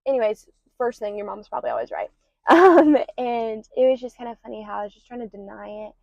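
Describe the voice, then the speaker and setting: A young adult woman rambles candidly about her own life on her podcast, casual talk full of ums and likes. She speaks quickly in a slightly high voice with big pitch swings and vocal fry. The lo-fi recording is a little dull, with no echo.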